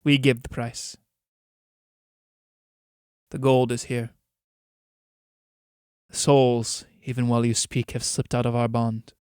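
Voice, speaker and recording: A man reading the part of a scheming merchant who buys souls, speaking in a measured, coaxing way. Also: medium pitch, level tone, a little mellow, clear, resonant tone, dry recording, clean studio sound, voice pushed down, lightly acted. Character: scheming soul-buying male merchant, cold and persuasive.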